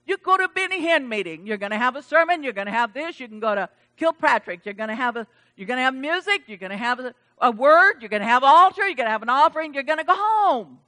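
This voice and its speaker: A woman's voice: high-pitched, lively intonation, quick pace, few pauses, sharp tone. A woman pastor preaching a sermon, emphatic and chatty, with casual asides to the congregation.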